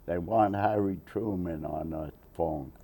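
An older man, a Navy veteran, telling an oral history story with animated quoted voices. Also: low-pitched, a little slow, breathy edge.

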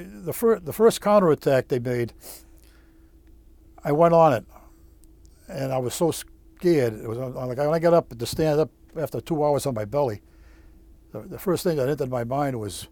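Older-sounding ex marine guy telling his war story, lots of uh and restarts, swears, warm low tone. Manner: halting, with frequent "uh" and restarts; blunt, swears freely. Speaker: veteran interviewee. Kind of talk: oral history storytelling.

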